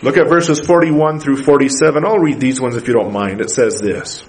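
A man's voice: medium pitch, moderate pace, rough recording. A man preaching a sermon as pastor in a church, building to emphatic bursts and putting questions to the congregation.

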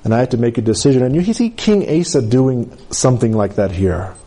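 A man preaching a sermon, telling his own testimony in an animated way, with quick asides and self-corrections. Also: medium pitch.

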